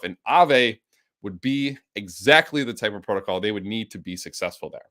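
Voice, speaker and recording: A man with the hiccups, teaching a live coding lesson with an enthusiastic, energetic way of explaining. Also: fairly low pitch, brisk. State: has the hiccups. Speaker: instructor.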